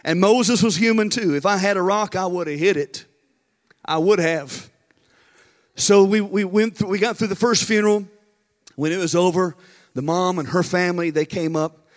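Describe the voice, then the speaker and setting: A man, a pastor preaching and telling a story in an animated, folksy way with dramatic pauses. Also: high voice. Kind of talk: storytelling sermon. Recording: long reverb in a large hall.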